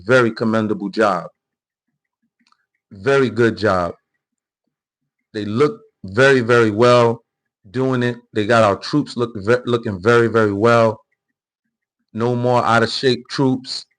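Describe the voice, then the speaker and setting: A man with a medium-pitched, fairly bright voice hosts a live political commentary stream. He lectures his chat heatedly and emphatically, addressing readers directly, and often repeats words and restarts.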